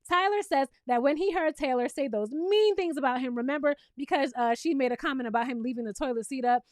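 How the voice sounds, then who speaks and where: A woman's voice: high-pitched, fast talker, no echo, clean studio sound. A woman host recapping a reality show in casual commentary, sassy and emphatic, with pointed asides to the viewer.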